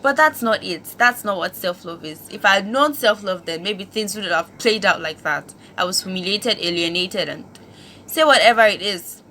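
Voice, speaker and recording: On her own channel, a Nigerian woman hosts an emphatic motivational talk packed with rhetorical questions. Her mid-range voice is expressive and sharp in tone, at a moderate pace, with slight background noise.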